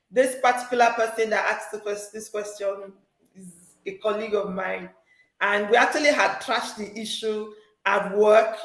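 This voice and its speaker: A middle-aged woman co-hosting a relationship advice talk, speaking in an animated, preachy way and acting out quotes with laughter. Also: mid-range voice, reverberant, rough recording. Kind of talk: casual advice chat.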